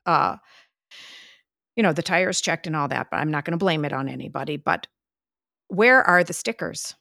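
An older woman talks with her daughter in a relaxed podcast chat, her voice low-pitched with a gravelly edge. She tells stories in a chatty, exclaiming way. The sound is close and dry. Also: fairly quick, dry recording. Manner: chatty storyteller, exclaims, laughs. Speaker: podcast co-host, mother. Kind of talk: casual family chat.

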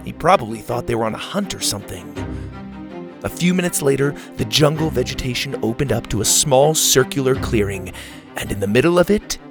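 A man narrating a children's adventure storybook with a steady, expressive reading. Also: mid-range voice.

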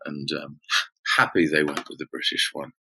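A man's voice: very deep voice, level tone, moderate pace, gravelly, pushed and bright, slight background noise, rough recording. A male actor guest on a podcast, chatting casually and telling rambling anecdotes.

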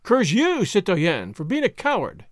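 A man's voice: high voice, very animated, fairly quick, fairly bright tone, no room sound, studio quality. A man voicing a coarse, cackling old woman who drives a cart, taunting and mocking. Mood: scornful.

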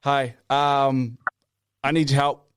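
A man co-hosting a podcast, talking in excitable, playful casual banter. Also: mid-range voice, slow, a little hiss or hum. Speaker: podcast co-host.

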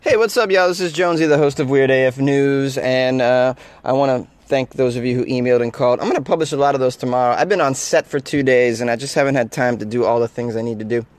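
A man's voice: medium pitch, quick pace, few pauses, darkish tone. A man hosting a comedic weird-news podcast, reacting with incredulous laughter and riffing loosely between read-outs. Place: Los Angeles.

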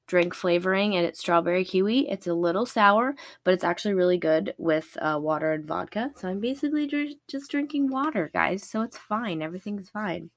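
A young woman with a sore, raspy throat hosts a true-crime podcast in an unhurried, rambling way, cursing offhandedly and poking fun at herself. Her speech is slow and the recording is dry and close, made on a laptop. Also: fairly low pitch, no room sound. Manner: rambling, swears casually, self-deprecating. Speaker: podcast host.

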